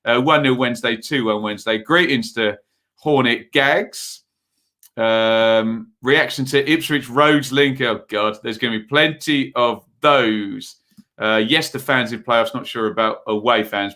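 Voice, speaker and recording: A man's voice: medium pitch, pushed and bright. Chatty man hosting a football watch-along. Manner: casual play-by-play mixed with reading viewer messages; rambling and chatty, with frequent fillers. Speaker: live stream host.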